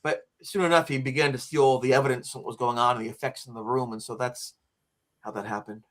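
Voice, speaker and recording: A man of about sixty, a guest on an interview show, telling a personal story in a lively way and acting out the quotes. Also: mid-range voice, fast. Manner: lively, acts out quotes and screams, frequent "like" fillers. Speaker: interview guest, author and teacher.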